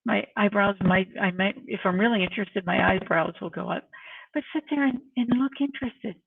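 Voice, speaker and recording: A woman's voice: medium pitch, brisk, creaky, slight background noise. A middle-aged woman giving workplace tips in a chatty, self-mocking way and acting out examples as she goes. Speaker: workplace coach. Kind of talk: casual tips talk to camera. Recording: tinny phone-like sound from a distant mic.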